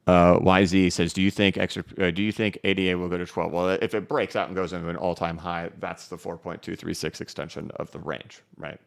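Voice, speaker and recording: A man's voice: deep voice, flat delivery, fairly quick, vocal fry, few pauses. A male crypto livestream host chatting loosely with many fillers while reading out viewer comments.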